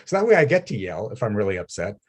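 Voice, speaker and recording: A man talks as a guest over a video call, spinning anecdotes and laughing between them. His voice sits a little low and carries a husky edge. He slips into little acted-out quotes as he goes. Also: quick pace. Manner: animated storyteller, laughs often, acts out quoted people. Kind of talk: casual interview chat.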